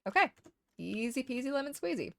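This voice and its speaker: A woman streamer casually chatting to herself while sorting items in a game, getting animated when something excites her. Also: high voice, a little fast, gravelly. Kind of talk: casual gameplay chat.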